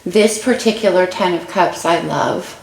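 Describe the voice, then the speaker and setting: In an echoey room with faint noise, a tarot reader chats warmly through the cards she pulls in a casual session. Her voice is fairly low with vocal fry, and her pace is a touch slow.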